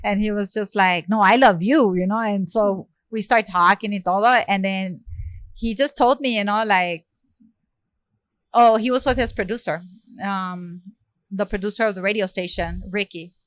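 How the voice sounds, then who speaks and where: Lively Los woman telling a story. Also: medium pitch, normal speed, dry recording. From South Central Los Angeles. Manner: lively, acts out quoted dialogue, many "you know" and "like" fillers. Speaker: rapper, interview guest. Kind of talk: casual storytelling in an interview.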